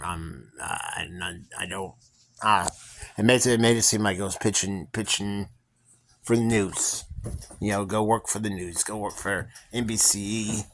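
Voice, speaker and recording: A man's voice: sits low, creaky, fairly bright tone. A young man casually telling a personal story to viewers, rambling with many fillers and restarts. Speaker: vlogger.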